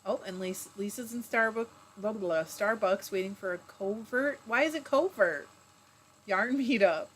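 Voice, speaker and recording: A woman's voice: medium pitch, moderate pace, a bit bright, slightly rough. A woman hosting a live stream in a casual, chatty way, reading viewer comments aloud, laughing often and breaking off mid-word. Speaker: livestream host.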